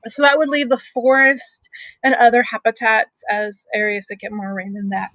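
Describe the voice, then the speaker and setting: A middle-aged woman teacher reading a picture book aloud to young students, explaining slowly with simple asides. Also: fairly high pitch, level tone, a bit bright, no echo, poor audio.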